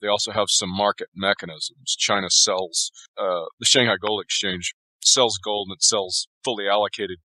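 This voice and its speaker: Low, forceful man explaining at length. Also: moderate pace, few pauses, no room sound, low-quality recording. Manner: long, steady explanatory answers. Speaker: author guest. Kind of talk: conversational interview.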